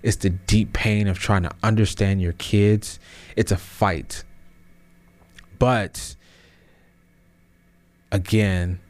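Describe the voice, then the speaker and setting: Podcast host, man, 30s, low-pitched, casual slangy motivational talk that swells into emphatic, preachy peaks. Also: fairly even intonation, slow, long pauses, a little mellow. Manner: casual slang, many restarts.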